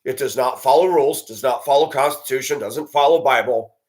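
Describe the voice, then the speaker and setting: A man's voice: medium pitch, brisk, a little mellow. Indignant male vlogger, profane ranting monologue at a computer. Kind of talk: angry monologue to camera.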